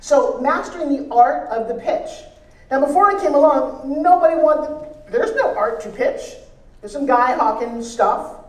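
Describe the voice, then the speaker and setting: A woman's voice: high voice, normal speed. Woman speaker on stage, roomy and distant. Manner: energetic, joking, audience-engaging. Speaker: motivational speaker teaching pitching. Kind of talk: live seminar speech to an audience. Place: large event hall on stage. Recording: roomy hall sound from a distance.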